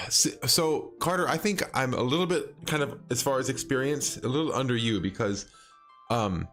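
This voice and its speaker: While livestreaming a game, a man chats casually with his viewers in a rambling, hesitant way, full of fillers, restarts and frequent chuckles. His mid-range voice has lively intonation, a fairly bright tone and a normal speed, with soft music playing in the background.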